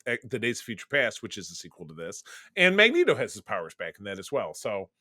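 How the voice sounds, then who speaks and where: Man, podcast co-host, casual film chat, rambling, bright tone, dry sound. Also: fairly low pitch, wildly swooping pitch, fast talker, dry recording. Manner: rambling, self-interrupting, trails into summaries. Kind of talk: casual movie discussion.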